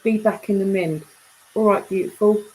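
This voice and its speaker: A woman's voice: medium pitch, steady tone, normal speed, darkish tone, rough recording. A woman chatting casually on a live stream, reading viewers' comments and bantering with them, laughing often.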